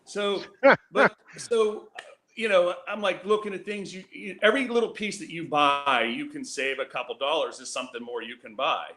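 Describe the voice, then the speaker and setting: A man's voice: on the high side, steady tone, normal speed, pushed and bright. Rambling, laughing man telling racing stories. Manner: rambling, laughing, self-mocking. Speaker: guest drag racer. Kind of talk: casual storytelling on a video call. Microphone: video call.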